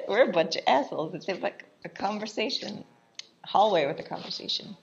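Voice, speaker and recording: A woman's voice: mid-range voice, animated, normal speed, vocal fry, muffled recording. A woman casually commenting while she watches a movie, laughing often in a chatty, irreverent way. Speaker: vlogger reacting to a film.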